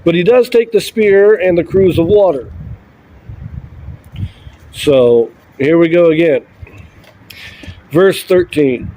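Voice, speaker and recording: High-voiced man reading and explaining scripture. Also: slow, long pauses, rough recording. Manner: relaxed and conversational, with easygoing asides. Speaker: scripture commentator.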